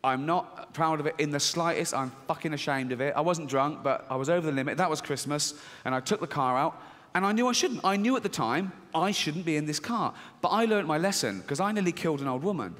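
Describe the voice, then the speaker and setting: A middle-aged man doing stand-up comedy, deadpan and swearing, acting out squeaky voices in a theater. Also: fairly quick, long reverb tail. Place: large theater with audience. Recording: live theater, audience laughter.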